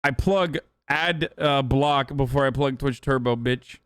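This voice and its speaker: A man's voice: medium pitch, measured pace, fairly bright tone, clear, resonant tone, no echo, studio quality. A man hosting a live stream, talking in a brash, sarcastic way with plenty of swearing. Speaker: streamer host. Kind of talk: casual live-stream chat.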